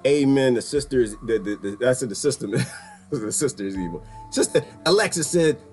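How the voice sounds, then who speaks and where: A man's voice: medium pitch, expressive, brisk, darkish tone, soft background music. A man hosting a casual livestream, talking straight to his chat viewers and laughing often. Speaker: livestream host.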